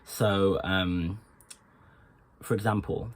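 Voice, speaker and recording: Slow, low-voiced man teaching. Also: slight background noise. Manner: unhurried, explanatory, with frequent pauses. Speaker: accent coach. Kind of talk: informal tutorial.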